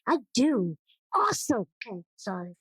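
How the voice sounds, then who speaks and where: A woman's voice: on the high side, big pitch swings, moderate pace, husky, no room sound, poor audio. Affirming woman guest, dry close sound. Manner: warm, affirming, with frequent agreeing murmurs. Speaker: podcast guest. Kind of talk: casual conversation.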